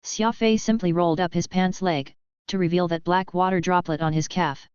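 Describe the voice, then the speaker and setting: A woman narrates a fantasy novel in a steady, measured read-aloud manner. Her voice sits low and comes across very smooth and clean. The recording is dry and close, with a slightly dull, muffled top end. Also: no echo. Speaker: audiobook narrator. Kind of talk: scripted narration.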